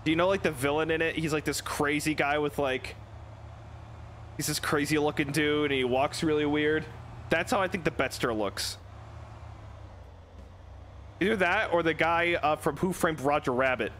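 A man's voice: fairly high pitch, normal speed, long pauses, fairly bright tone, slight background noise. A man streaming a video game with casual, joking commentary and frequent swearing.

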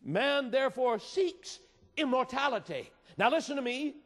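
A man preaching a sermon with passion, moving between loud appeals and hushed storytelling. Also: very high voice, expressive, moderate pace. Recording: reverberant hall.

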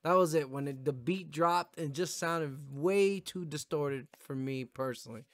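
Kinda high-voiced guy rambling + cussing about songs he's reacting to, dry close sound. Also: moderate pace, a bit bright, no echo. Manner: laid-back, rambling, swears often, yawning. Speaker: music reaction streamer. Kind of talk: casual reaction commentary. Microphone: gaming headphones setup.

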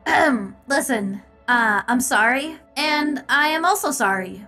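A jumpy animatronic chicken from a fan cartoon, shrieking in panic and stammering out apologies, as a woman voices her. The voice sits very high and squeaky, with a bright, piercing edge. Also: lively intonation, measured pace, soft background music, full character voice. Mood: nervous. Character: jumpy female animatronic chicken, easily scared.

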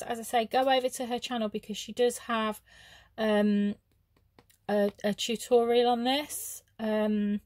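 A woman chatting casually as she opens craft mail, gushing with soft oohs and ums. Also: fairly high pitch, no room sound. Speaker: craft vlogger. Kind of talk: casual unboxing chat.

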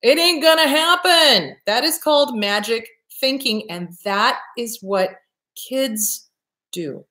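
A woman's voice: fairly high pitch, lively intonation, slow pace, sharp tone. Woman host, blunt and emphatic, swears freely, casual advice talk in an echoey room. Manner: blunt, profane, emphatic, repeats points. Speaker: host, therapist giving advice.

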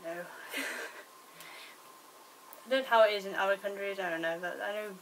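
A woman's voice: mid-range voice, fairly even intonation, normal speed. A young British woman with a British accent, chatting casually to camera at home, rambling and swearing freely. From Britain. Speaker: vlogger. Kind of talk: casual vlog chat. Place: home indoors. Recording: recorded from a distance, faint background noise. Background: dogs outside.

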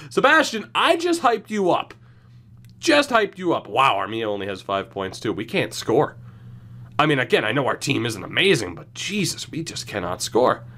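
A man's voice: medium pitch, fairly bright tone. A young man giving casual, rambling commentary on his hockey video game season, wry and often chuckling mid-sentence. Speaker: gaming YouTuber. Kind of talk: casual franchise-mode commentary.

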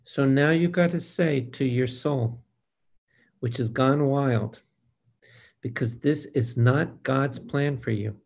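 An older man, a priest, preaching a Bible study slowly and emphatically, speaking straight to his listeners and asking them for amens. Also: medium pitch, vocal fry, a little mellow. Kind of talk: preaching to a live group.

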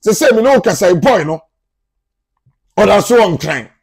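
High-voiced Ghanaian man with sports transfer news. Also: normal speed, creaky, breathy edge. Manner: chatty and animated, addresses viewers as family. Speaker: sports journalist, YouTube channel host.

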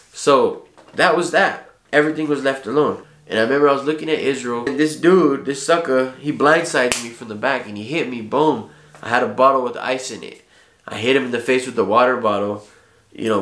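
A man's voice: mid-range voice, a little fast, fairly bright tone. A man telling a personal story in casual, heartfelt street slang, with frequent profanity. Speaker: vlogger. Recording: echoey room.

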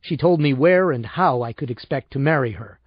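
A man's voice: mid-range voice, expressive, normal speed, husky, dry recording. A man narrating an audiobook in the first person with a wry, sardonic tone, on a dull lo-fi recording.

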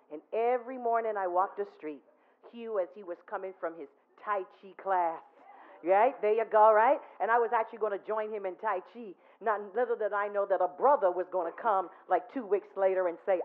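A woman's voice: mid-range voice, moderate pace. A woman giving a chatty, anecdotal tribute at a memorial, telling stories and checking in with her listeners. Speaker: eulogy speaker at a memorial. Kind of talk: storytelling tribute. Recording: tinny phone-like recording.

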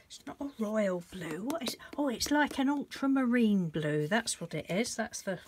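A woman's voice: a little high, expressive, moderate pace, slight background noise. A woman hosting a casual painting tutorial, chatting and thinking aloud as she works and gushing over the colours. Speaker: craft channel host.

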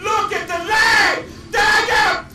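A man's voice: very high voice, fairly even intonation, takes it slowly, a loud crowd. A man screaming and cursing furiously at a video game as he plays, in a clip played back from a recording. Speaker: gamer in a rage clip. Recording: echoey, distant, loud noisy capture.

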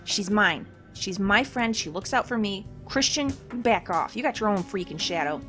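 A woman giving chatty, animated commentary while playing a story game. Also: medium pitch, moderate pace, soft background music. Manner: chatty and animated, talks to herself about choices. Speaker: game streamer. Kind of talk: let's play commentary.

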